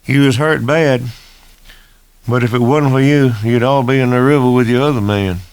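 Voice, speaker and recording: A man voicing a calm older male county sheriff who speaks patiently in rustic dialect. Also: medium pitch, moderate pace, smooth, close to an everyday voice. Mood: approving.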